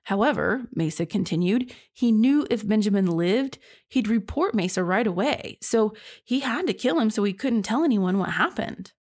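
A woman's voice: mid-range voice, normal speed, few pauses. Chatty woman hosting true crime. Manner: chatty and expressive, addresses listeners as y'all. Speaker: true crime podcast host. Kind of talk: casual true crime narration.

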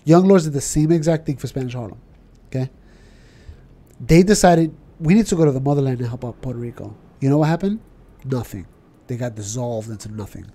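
A man with a New York accent, co-hosting a podcast in casual chat and ranting with animated questions. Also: medium pitch, fairly quick. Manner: animated, ranting, keeps asking "you know what I'm saying". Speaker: podcast co-host.

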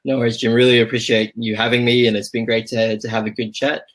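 A man speaking as a guest on a podcast, relaxed and easygoing in casual chat. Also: medium pitch, quick pace. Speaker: podcast guest, software company rep.

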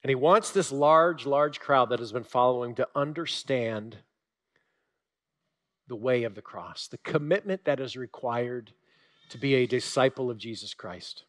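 A male pastor giving a sermon, telling stories with animated emphasis and sudden drops to a quiet voice. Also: medium pitch, a little slow.

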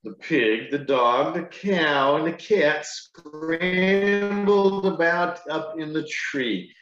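A man, a pastor, reading a picture book aloud to children, with gentle, chatty asides between pages. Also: a little high, drawn-out words, faint music behind. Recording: echoey room, dull lo-fi sound.

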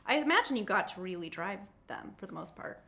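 A woman interviewing film actors at a press junket, chatty and quick to laugh. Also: mid-range voice, very animated, creaky, a bit bright.

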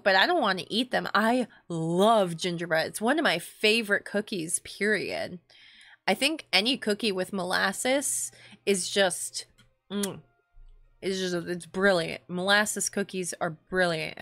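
A woman's voice: mid-range voice, no echo. Young woman streaming, rambly chatty voice, lots of ums and likes, dry close mic. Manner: chatty, rambling, warm toward chat, many fillers. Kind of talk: casual stream chat with viewers.

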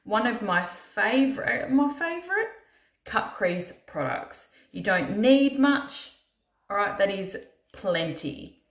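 A woman narrates her makeup tutorial in a casual, chatty way, sleepy but lively, with offhand swearing and self-mocking asides. Her voice sits at an ordinary middle pitch. The room gives it a noticeable echo. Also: slow pace. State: tired from little sleep. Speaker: makeup artist doing a tutorial. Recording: roomy echo.

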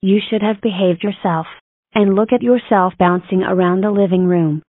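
A woman's voice: mid-range voice, steady tone, moderate pace, dry recording, narrow, tinny audio, close to an everyday voice. A female computer voice playing a cartoon mother who scolds and lectures.

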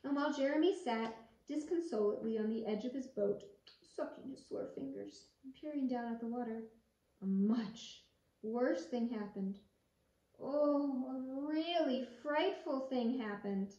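A woman reads a picture book aloud with lively expression, her voice sitting high. The recording is dull and lo-fi, picked up from a distance in a roomy space. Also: normal speed. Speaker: children's storyteller.

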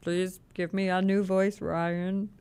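A woman's voice: lowish voice, flat delivery, slow pace, a little mellow, a little hiss or hum. A woman co-hosting a casual podcast, playful and giggly, often laughing hard, recorded on a close studio mic. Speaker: podcast co-host.

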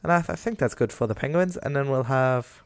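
A man's voice: medium pitch, expressive, fairly quick, dry recording. A young man giving casual, rambling commentary over a game, talking to the animals on screen and getting exasperated with them. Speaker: gaming YouTuber.

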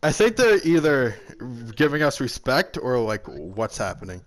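A man's voice: mid-range voice, sing-song, normal speed. A man in casual gaming voice chat, cocky and joking with his teammates.

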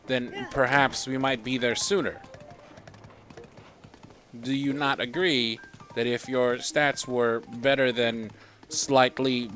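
Animated man streaming a game. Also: medium pitch. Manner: animated, talks to his game horse, loud sudden outbursts. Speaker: gaming streamer. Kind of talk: live let's-play commentary.

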